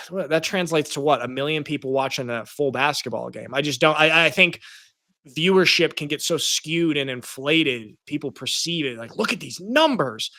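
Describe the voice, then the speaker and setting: A man co-hosting a sports podcast, chatting casually with animated, jokey asides. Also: a little high, normal speed, no echo, studio quality. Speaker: podcast co-host.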